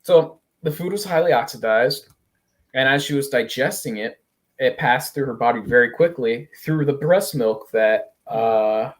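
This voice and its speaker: Crude joking podcast host. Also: male voice, mid-range voice, a little slow. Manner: crude, joking, acts out quotes. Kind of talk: casual comic recap.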